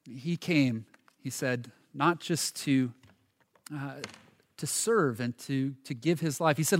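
A man preaching a sermon as a pastor, earnest and halting, often restarting his words and shifting between quiet and louder passages. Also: medium pitch.

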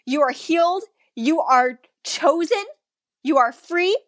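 A woman's voice: sits high, animated, slow, dry recording, clean studio sound. A woman preaching and praying fervently, with repeated declarations and prophetic words to listeners.

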